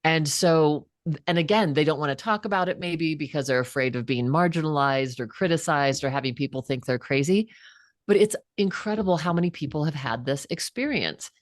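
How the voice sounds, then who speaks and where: A woman's voice: deep voice, a little fast, no echo, clean studio sound. A woman in her fifties, a psychotherapist and author, telling earnest personal stories as a guest in a casual interview. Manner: earnest, animated storyteller.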